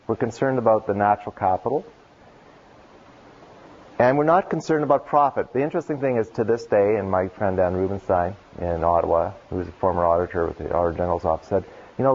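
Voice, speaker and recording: A man with a fairly low voice delivers a conference keynote in a loose, conversational way. He leans on casual fillers and jumps up in pitch to act out the people he quotes. The recording is dull and lo-fi. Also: a little mellow. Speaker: keynote speaker.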